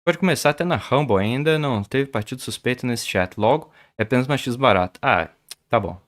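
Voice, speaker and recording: Speaking fast and with animation, a medium-pitched Portuguese speaker chats with his chess stream audience. The talk is casual, and he frequently stammers and repeats himself.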